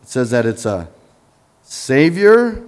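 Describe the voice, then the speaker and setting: In a church sanctuary, a male pastor delivers a sermon at a moderate pace in a mid-range, darkish voice. He talks comfortably with the congregation, asks and answers his own questions, and trades jokes with them.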